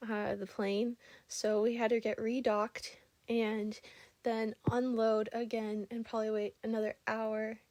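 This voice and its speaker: A woman's voice: a little high, level tone, measured pace, a little mellow, no room sound. A young adult woman vlogging casually, telling stories in a rambling, chatty way full of fillers and giggles. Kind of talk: casual storytelling vlog.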